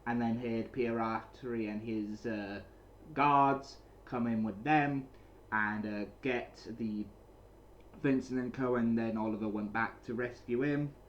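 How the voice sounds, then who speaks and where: A man with a medium-pitched, steady voice speaks at a measured pace on lo-fi audio with slight background noise. Sitting in a small, cold room at home with the heater on, he gives a casual, rambling recap and review of a comic chapter, with frequent restarts and repeated phrases.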